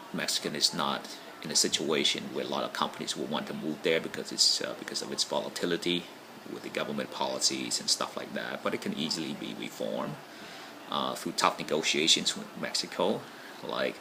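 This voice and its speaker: A man's voice: rumbling low, vocal fry, pushed and bright, a little hiss or hum, low-quality recording. A man talking casually to camera in a rambling monologue, often checking in with "right?". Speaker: vlogger.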